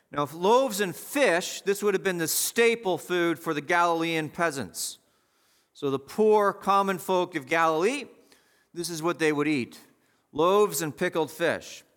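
A man's voice: fairly high pitch, fairly bright tone. A man preaching a sermon in a conversational, emphatic way, asking the listeners questions.

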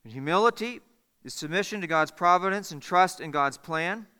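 A man's voice: high-pitched, lively intonation, normal speed, clean tone, in a large hall. A man preaching a sermon as pastor, earnest and building to impassioned appeals. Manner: earnest, rising to impassioned appeals, then hushed.

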